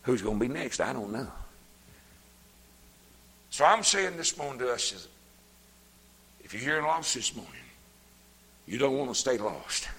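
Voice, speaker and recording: An older man preaching a sermon, folksy and plain-spoken, his voice swelling up into shouts. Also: medium pitch, sing-song, a little slow, long pauses, husky, long reverb tail.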